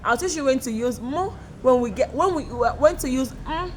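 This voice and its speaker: A woman teaching a playful beginner language lesson, drawing out words slowly and repeating them for learners, recorded outdoors. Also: high-pitched, animated, slight background noise.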